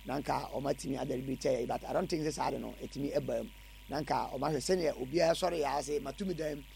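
A Ghanaian man answering questions in a casual interview, animated and mixing in English words. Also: mid-range voice, fast, creaky, a little hiss or hum.

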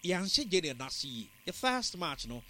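A man giving football analysis on a sports talk show, in a measured, analytical way. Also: high voice, very animated, pushed and bright, slight background noise.

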